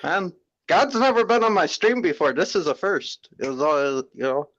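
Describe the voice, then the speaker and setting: This is a man hosting his stream, with a fairly high voice and a laid-back, joking drawl. The audio is dull and lo-fi. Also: sing-song, moderate pace, fairly bright tone. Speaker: streamer host. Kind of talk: casual stream chat.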